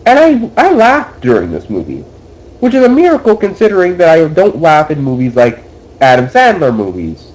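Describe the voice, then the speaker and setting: A man's voice: fairly high pitch, wildly swooping pitch, moderate pace, a little mellow, dull audio. A young man co-hosting a casual podcast, ranting about a bad movie with exasperated swearing. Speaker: podcast co-host.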